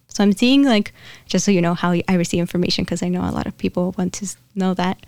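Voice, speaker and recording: A woman's voice: fairly low pitch, fairly even intonation, fast, darkish tone, no echo. Giggly chatty woman in a dry recording. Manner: chatty, giggly, rambling with many fillers. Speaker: spiritual medium. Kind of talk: casual channeling session.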